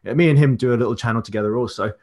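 A man's voice: mid-range voice, rapid-fire, darkish tone. A man on a casual podcast, a wrestler chatting loosely as he reels off an upcoming match card with plenty of fillers. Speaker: wrestler and promoter guest.

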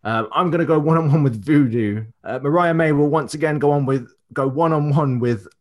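A man's voice: on the high side, fairly quick, a little mellow. A man on a casual podcast, a wrestler chatting loosely as he reels off an upcoming match card with plenty of fillers. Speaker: wrestler and promoter guest.

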